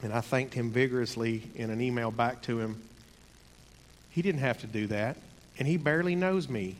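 Earnest guy preaching, chatty, slows down on the big points, long hall reverb. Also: mid-range voice, a little hiss or hum. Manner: earnest, conversational, slows for emphasis. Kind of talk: sermon.

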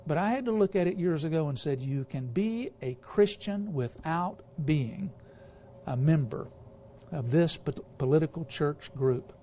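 A man with a high voice preaching a sermon to a congregation. He speaks with emphasis, throws questions out to the listeners and trips over his words at times. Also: expressive, unhurried, warm tone, slight background noise. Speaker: guest preacher.

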